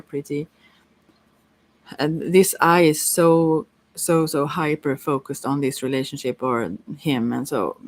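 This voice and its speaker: A woman giving a casual live-stream tarot reading, chatty and giggly, pausing often with fillers as she talks things through. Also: sits low, no echo. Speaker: tarot reader.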